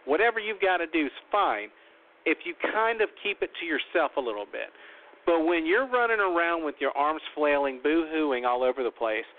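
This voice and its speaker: A man's voice: on the high side, lively intonation, normal speed. A man giving blunt, opinionated casual commentary as a host recapping a reality show. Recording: tinny phone-line audio.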